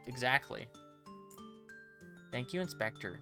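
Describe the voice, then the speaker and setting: Brief: man, casual joking game commentary, steady middle voice, game music behind. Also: mid-range voice, normal speed, pauses often. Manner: joking, animated, swearing. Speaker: streamer. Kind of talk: casual let's-play commentary.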